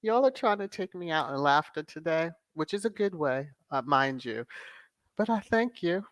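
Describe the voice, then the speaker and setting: A woman's voice: sits low, expressive, normal speed, no room sound. A woman hosting a casual livestream, chatting affectionately with viewers and breaking into laughter often. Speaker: host of a royal-news channel.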